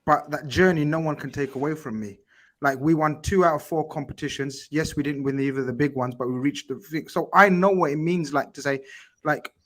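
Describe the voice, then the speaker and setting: High-voiced, argumentative London man. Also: brisk, a bit bright. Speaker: podcast panelist. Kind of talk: casual football debate.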